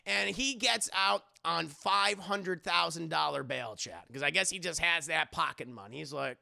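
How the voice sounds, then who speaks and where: Gravelly bright man recapping a movie. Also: sits high, moderate pace, hardly any pauses. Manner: profane, laughing, animated retelling with mock voices. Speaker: movie reviewer and streamer. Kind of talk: casual livestream movie recap.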